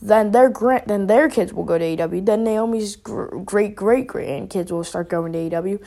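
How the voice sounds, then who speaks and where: Woman, vlogger, casual rant, rambling, filler-heavy, dark mellow voice. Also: medium pitch, moderate pace, creaky. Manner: rambling, with many fillers and restarts. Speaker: wrestling vlogger.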